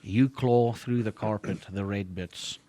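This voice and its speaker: South african guy running a tabletop game, bit low voice, jokey with the players. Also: fairly even intonation, measured pace, mellow, no echo. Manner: joking, teasing the players. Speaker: storyteller.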